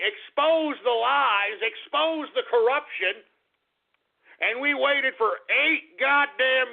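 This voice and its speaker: A man hosting a talk radio show, ranting in a gloating, mocking way, shouting and cackling. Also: very high-pitched, vocal fry. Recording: phone-like lo-fi radio broadcast.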